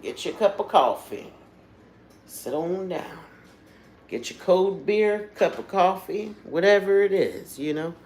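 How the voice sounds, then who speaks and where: A woman's voice: on the low side, lively intonation, slow pace, darkish tone, low-quality recording. A woman hosting a livestream, talking candidly and emotionally straight to her viewers in a casual way. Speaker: livestream host.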